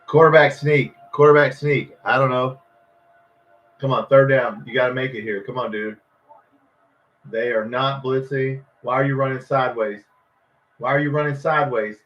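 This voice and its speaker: A man hosts a live football watch party, frustrated by every play and swearing loudly at players and referees as he yells at the game. He speaks at normal speed with medium pitch, fairly even intonation and long pauses. The stream audio is dull and lo-fi.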